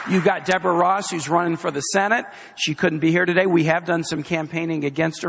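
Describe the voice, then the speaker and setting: A man's voice: high voice, creaky, fairly bright tone, in a large hall, slight background noise. Emphatic man giving a rally speech. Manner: emphatic, repeats phrases for effect. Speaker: political campaign speaker. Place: outdoor or hall campaign rally with a crowd. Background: faint crowd.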